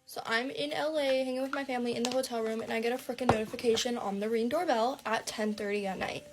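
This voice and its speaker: A young adult woman vlogger telling a dramatic personal story, animated and breathless, with lots of fillers and swearing. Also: a little high, fast, background noise.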